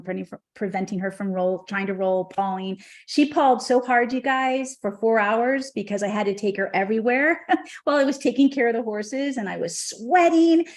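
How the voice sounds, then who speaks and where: A woman's voice: medium pitch, a little mellow. A woman podcast host tells a personal story in a mid-range voice. She rambles, circles back and restarts, and her telling stays openly emotional throughout. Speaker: podcast host and horse trainer.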